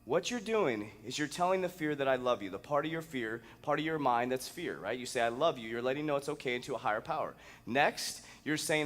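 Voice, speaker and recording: A man coaching fitness who gives an energetic, emphatic motivational talk, drawing out single words and breaking into sudden loud outbursts. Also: on the high side. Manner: drawn-out, playful stresses on single words.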